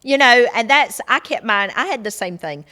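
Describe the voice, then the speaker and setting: A woman's voice: on the high side, animated, normal speed, pushed and bright. A middle-aged woman with a Georgia Southern accent, co-hosting a casual chat in an emphatic, affirming way. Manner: emphatic, affirming, often interjects "right". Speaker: podcast co-host.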